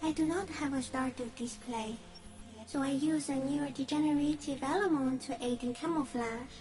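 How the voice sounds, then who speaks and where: Woman playing an ancient female stick insect, high airy voice, slow and eerie, soft otherworldly phrasing, game creature. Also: close to an everyday voice, poor audio. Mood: calm. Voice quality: soft, drifting, often breathy. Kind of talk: video game voice acting.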